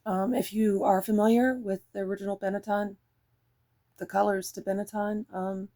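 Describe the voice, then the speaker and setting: A woman's voice: medium pitch, little pitch movement, moderate pace, mellow. A woman chatting casually in a fragrance review, rambling and enthusiastic, with lots of fillers.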